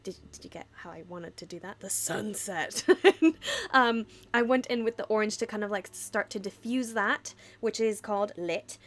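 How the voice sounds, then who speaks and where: A woman's voice: medium pitch, moderate pace, a bit bright. A young woman narrating a makeup tutorial in a chatty, rambling way, often laughing at her own slips. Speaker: beauty vlogger. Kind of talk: casual makeup tutorial voice-over.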